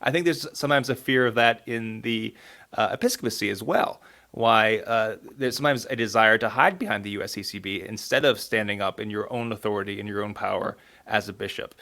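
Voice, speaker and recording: A man's voice: lowish voice, a little fast, pushed and bright. A man, a priest co-hosting a podcast, thoughtfully sharing anecdotes in casual chat with hesitant fillers.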